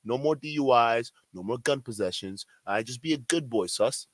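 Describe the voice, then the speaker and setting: A man's voice: mid-range voice, lively intonation, normal speed, dry recording. A man reacting to a clip with mocking, laughing, profane commentary. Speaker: commentary streamer.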